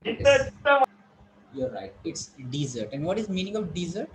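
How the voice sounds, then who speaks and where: A man's voice: high-pitched, sing-song, normal speed, low-quality recording. A man with an Indian English accent teaching an online class, explaining words and repeating them for students. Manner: instructive, repeats words, asks students questions.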